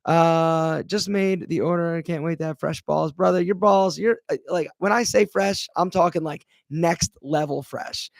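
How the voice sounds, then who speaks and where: Chatty man with a high voice. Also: moderate pace, creaky, hardly any pauses, dry recording, studio quality. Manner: chatty, full of fillers and "right?". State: a bit out of breath. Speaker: brand founder answering viewer questions. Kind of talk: casual live Q&A.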